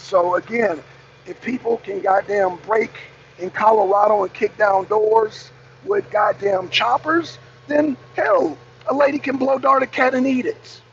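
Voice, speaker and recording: A man with a high, gravelly voice hosts his own channel, ranting in a profane, repetitive, worked-up way. The recording is dull and lo-fi, with a faint hum of ambience behind him. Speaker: channel host. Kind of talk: ranting commentary monologue.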